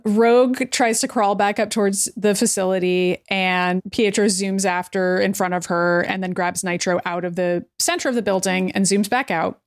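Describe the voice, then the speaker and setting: A woman's voice: mid-range voice, moderate pace, few pauses, no room sound, studio quality. A woman co-hosting a podcast, casually recapping a cartoon episode and laughing often. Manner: laughs often, quotes characters in flat retellings. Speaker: podcast co-host.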